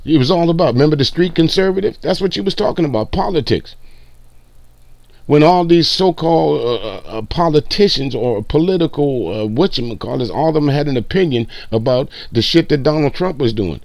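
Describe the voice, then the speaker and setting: A man's voice: on the high side, lively intonation, a little fast, gravelly, darkish tone, no echo. A man hosting a stream, giving reaction commentary in a profane, mocking rant.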